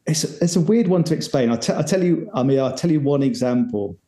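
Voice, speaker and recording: A man's voice: fairly high pitch, expressive, fairly quick, mellow, echoey room. A man guesting on a podcast, telling a rambling, self-deprecating story with lots of restarts. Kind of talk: casual storytelling.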